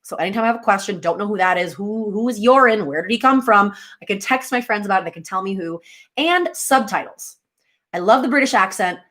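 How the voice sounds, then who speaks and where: A young American woman chatting casually on a livestream, animated and quick to laugh as she reads and answers viewers. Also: medium pitch. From United States. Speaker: livestream host.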